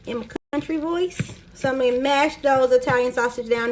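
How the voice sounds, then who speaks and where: A woman's voice: high-pitched, a bit bright, slight background noise, low-quality recording. A woman hosting a home cooking video, chatty and explaining each step as she cooks in her kitchen. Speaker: cooking show host. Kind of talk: casual cooking demonstration.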